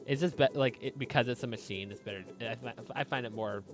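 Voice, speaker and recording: A man's voice: medium pitch, fast talker. A man hosting a co-op game playthrough, chatting casually with lots of restarts. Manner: rambling, full of restarts. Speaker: let's play host. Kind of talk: casual gaming commentary.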